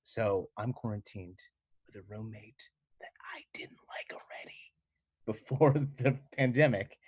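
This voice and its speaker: A man, a comedian, chatting casually over a video call in a halting, hesitant way with frequent restarts. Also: on the low side, slight background noise. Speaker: stand-up comedian.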